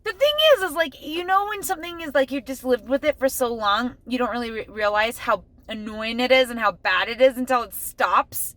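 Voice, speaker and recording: A middle-aged family vlogger talks casually to the camera, first in her car and then at home, chatty and emotional and saying "like" constantly. Her voice is a little high and fairly bright, at a moderate pace, with no echo.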